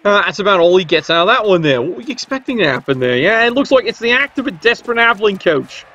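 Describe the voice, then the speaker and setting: A man's voice: high-pitched, big pitch swings, fast talker, sharp tone, highs cut off. Cheeky man commentating a game. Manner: cheeky, sarcastic banter. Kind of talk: casual play-by-play commentary.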